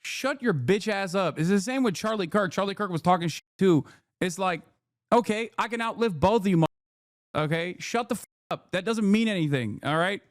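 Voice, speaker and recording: A man's voice: sits high, lively intonation, brisk, dry recording, studio quality. A man streamer reacting to a video clip in heated, profane rants. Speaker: streamer commentator.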